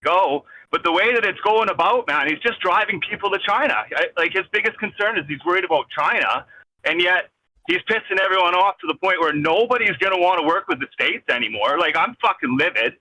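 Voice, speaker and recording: A man's voice: high-pitched, animated, brisk, pushed and bright, no echo. A man on a phone call from his vehicle, ranting in an agitated, rambling, swearing way with many restarts. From Canada. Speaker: caller. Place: in a vehicle driving.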